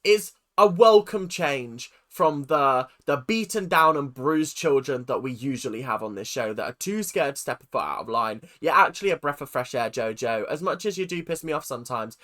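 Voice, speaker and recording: A woman talks through a reality show in a loose, ranting commentary. Her pitch swings up and down a lot as she gets worked up. She laughs often and stays animated throughout. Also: normal speed, few pauses. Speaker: reaction video host. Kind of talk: casual reaction commentary.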